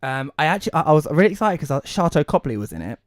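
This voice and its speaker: A man co-hosting a casual podcast chat, ranting in an animated way and swearing a lot. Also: a little high, racing, no echo, clean studio sound. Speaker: podcast co-host. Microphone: podcast mic.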